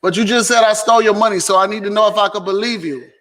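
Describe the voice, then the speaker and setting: A man's voice: high-pitched, fairly even intonation, quick pace, fairly bright tone, long reverb tail. A man hosting a casual vlog and Q&A at home, teasing and laughing, then explaining things plainly. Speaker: host.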